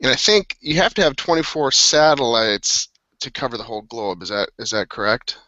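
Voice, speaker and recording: A man with a bright, sharp voice co-hosts a casual podcast, thinking aloud as he checks details. The sound is dry, close and lo-fi. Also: medium pitch, normal speed, no echo. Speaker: podcast co-host. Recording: dull lo-fi podcast audio.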